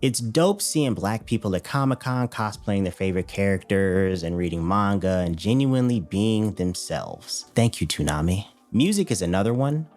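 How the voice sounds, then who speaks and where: A man's voice: lowish voice, normal speed, hardly any pauses. A man hosting his channel, giving scripted commentary in a wry, blunt way. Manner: wry, blunt, expressive delivery. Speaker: host. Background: faint music.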